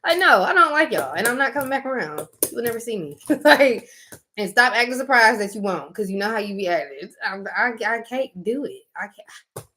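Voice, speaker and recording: A woman's voice: on the high side, very animated, a little fast, bright, forceful tone, slight background noise. A woman in her thirties speaks straight to her viewers in a casual, candid chat. She is emphatic and blunt, leans on "like" as she goes, and breaks into laughter now and then. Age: 30s. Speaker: vlogger talking to her viewers.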